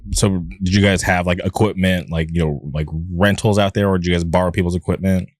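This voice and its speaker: Podcast host from California, low voice, halting, stacks fillers and restarts, dry sound. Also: male voice, fairly even intonation, no room sound. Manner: halting, repeats words, many fillers. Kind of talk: casual interview chat.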